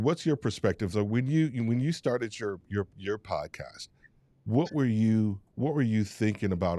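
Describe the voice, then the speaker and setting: A man hosting a live podcast panel, talking in halting, repeated starts. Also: fairly low pitch, warm tone, no room sound. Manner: halting, restarts often, gets emotional and laughs. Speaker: host.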